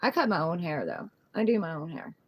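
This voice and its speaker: A woman's voice: fairly low pitch, fairly quick, slightly rough, no echo, low-quality recording. Middle-aged woman host, easygoing phone-livestream chatter, fond baby-talk with a pet, dry close sound. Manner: relaxed, chatty, coos affectionately to her pet. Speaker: tarot reader livestream host. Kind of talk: casual livestream chat.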